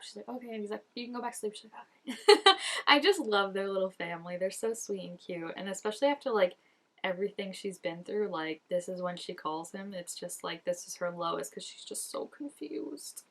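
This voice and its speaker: A woman's voice: medium pitch, moderate pace. A young woman hosting a casual reaction video, chatting emotionally and talking back to the screen.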